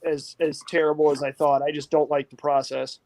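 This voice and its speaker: A man co-hosting a casual tabletop hobby chat, excitable and jokey, swearing freely. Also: on the high side, brisk. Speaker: co-host.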